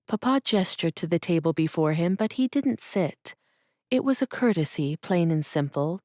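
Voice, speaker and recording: A woman reading a romance audiobook in a measured, expressive way on a close studio mic. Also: lowish voice, no room sound. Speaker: audiobook narrator. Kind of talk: scripted romance narration.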